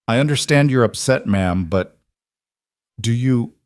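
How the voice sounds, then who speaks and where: A man voices a nervous middle-aged farmer who speaks hesitantly and placatingly, pitching slightly above his own natural voice while staying close to an everyday sound. His mid-range delivery is a little slow, with lively intonation and a darkish tone, captured in clean studio sound with no echo.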